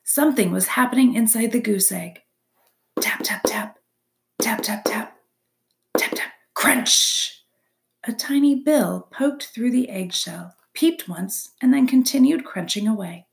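A woman narrating a children's novel aloud in an expressive storybook reading. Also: a little high, unhurried, creaky, a little hiss or hum.

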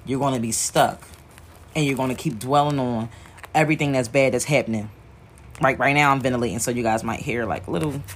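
A woman's voice: a bass voice, slight background noise. A grieving woman talking frankly and emotionally to camera while sewing with needle and thread, rambling and swearing freely. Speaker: wig maker working while talking. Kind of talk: candid talk to camera while working.

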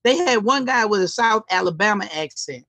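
A man's voice: high voice, animated, brisk. A man co-hosting a podcast, chatting casually and joking, rambling with fillers. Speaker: podcast co-host. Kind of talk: casual chat. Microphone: podcast mic.

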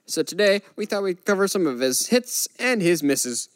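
A man co-hosting a casual chat show, animated and joking with quick asides. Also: high voice, dry recording. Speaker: podcast co-host.

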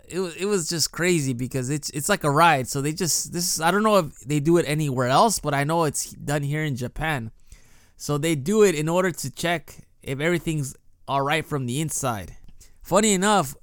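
A man's voice: fairly high pitch, fairly bright tone, smooth, no room sound, studio quality. A man hosting a casual solo podcast, telling a story in a chatty way with restarts and "you know" fillers. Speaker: podcast host. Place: lives in Japan.

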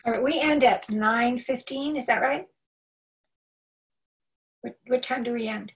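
A woman giving a live talk to parents, animated and emphatic, acting out little quoted remarks. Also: fairly high pitch, a little slow, recorded from a distance, poor audio. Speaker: homeschool workshop speaker.

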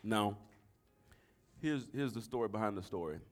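A middle-aged man, preaching a sermon that swings from soft storytelling to shouting. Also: on the low side, animated, moderate pace, a little hiss or hum. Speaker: pastor.

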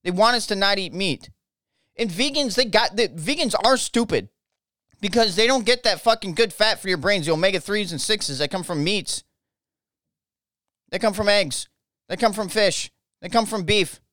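Ranting on his political podcast, an American man swears heavily, gets angry, repeats himself and restarts stumbling phrases. His high, sharp voice has lively intonation at a moderate pace, with clean, echo-free studio sound.

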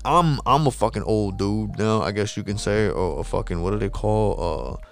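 A man's voice: on the low side, normal speed, soft background music. A man, talking casually and rambling, swearing a lot and losing his train of thought. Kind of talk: casual monologue.

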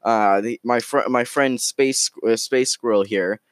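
A man's voice: medium pitch, steady tone, a little slow, no room sound, studio quality, lightly acted. A man voicing an ancient, indignant talking minnow who speaks in a pompous, stammering way.

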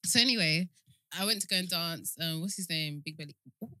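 A woman in her thirties tells a story among friends, acting out the lines of the people in it. Her voice is bright and forceful, a touch lower than most. The sound is dry and close. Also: a little fast, dry recording. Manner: animated storyteller, laughs often, acts out quotes. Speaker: podcast co-host. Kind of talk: casual chat storytelling.

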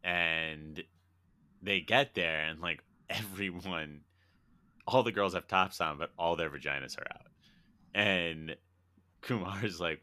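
A man's voice: sits low, takes it slowly, bright, forceful tone, no room sound. A young man co-hosting a casual movie podcast, laid-back and profane, laughing as he retells scenes. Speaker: podcast co-host. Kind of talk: casual movie-review chat.

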